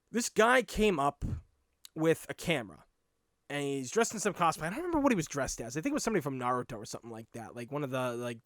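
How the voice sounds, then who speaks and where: A man with a Boston accent, hosting a podcast and telling stories in a blunt, animated, casual way with some swearing. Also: on the high side, dry recording, studio quality. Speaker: podcast host. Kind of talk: casual storytelling monologue.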